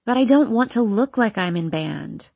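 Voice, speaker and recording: A woman's voice: medium pitch, expressive, normal speed, gravelly, slightly rough, no room sound, dull audio. A woman narrating a first-person teen novel in an audiobook, reading in an emotional, intense way. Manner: emotional, intense, voicing an upset teenage girl.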